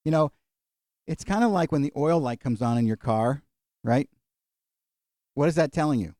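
Folksy, animated preacher man, mellow voice. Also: a little high, normal speed, dry recording, studio quality. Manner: animated, folksy, jokes and acts out quotes. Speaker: pastor. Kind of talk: sermon with closing prayer.

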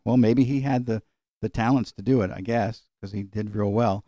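A middle-aged man with a low, mellow voice gives an informal Bible lesson. He speaks conversationally and wanders into personal asides. The sound is dry and close. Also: steady tone, normal speed, no room sound. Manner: conversational, digressive, with fillers and chuckles. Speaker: Bible study teacher.

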